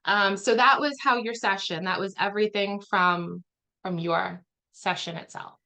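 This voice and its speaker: A woman's voice: medium pitch, normal speed, sharp tone. A woman healer chatting loosely about a healing session, rambling with lots of "like" fillers. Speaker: spiritual healer guest. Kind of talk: casual chat explaining a healing session.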